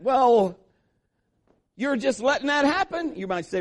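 A man's voice: very high-pitched, lively intonation, measured pace, long pauses. A man preaching a sermon as pastor, emphatic and repetitive, acting out quoted voices.

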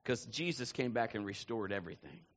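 A male pastor preaching a sermon, telling stories with lively energy and building to shouts. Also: lowish voice, brisk, highs cut off. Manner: animated storytelling, building to shouts.

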